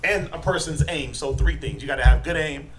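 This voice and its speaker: A middle-aged man teaching a Bible class, quizzing his students and tagging his points with "right?", building to forceful emphasis. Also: fairly high pitch, brisk, a little hiss or hum. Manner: asks the class questions, tags lines with "right?".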